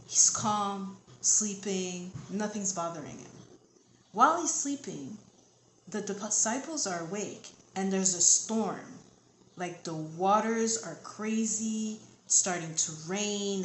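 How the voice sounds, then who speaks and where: A woman giving a channeled tarot reading, reassuring and repeating calming phrases. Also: mid-range voice, slow pace. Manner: soothing, reassuring, repetitive. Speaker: tarot reader. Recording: echoey room, faint background noise.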